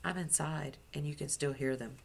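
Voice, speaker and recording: Chatty, low-voiced woman crochet vlogger. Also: fairly even intonation, moderate pace, creaky, husky. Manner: chatty and gushing, with laughs and self-corrections. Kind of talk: casual chat to camera. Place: at home indoors.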